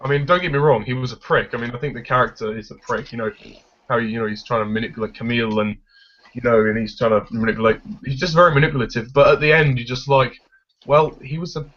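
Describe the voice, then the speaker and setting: A man's voice: mid-range voice, steady tone, fast talker. Man, opinionated, blunt, casual film chat, lo-fi muffled sound. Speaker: film reviewer. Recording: dull lo-fi recording.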